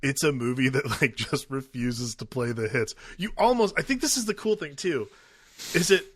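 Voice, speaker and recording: A man's voice: mid-range voice, expressive, normal speed, a bit bright, slightly rough, no echo, studio quality. A man co-hosting a movie podcast in casual chat, laid-back and agreeable, often laughing along. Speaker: podcast co-host.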